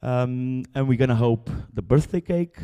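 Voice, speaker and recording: A Portuguese-accented man with a smooth, dark, mid-range voice speaks at a moderate pace as the event organizer giving closing remarks on stage. He is loose and joking, reading out long lists of names. The large conference auditorium sounds echoey, with a crowd audible behind him.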